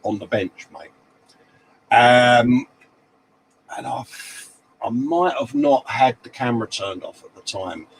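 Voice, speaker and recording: A middle-aged man chats casually on a live stream, reading out viewer messages with matey banter. His pitch sits in a middle range. Faint background noise hangs behind him. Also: takes it slowly, long pauses, low-quality recording. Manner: matey banter, reads viewer comments aloud. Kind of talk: casual chat.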